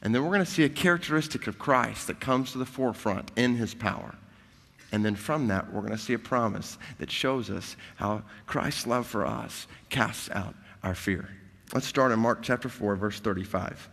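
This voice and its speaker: A man preaching a sermon and retelling a story with animated, rising intensity. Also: medium pitch, normal speed, gravelly, in a large hall. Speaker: pastor.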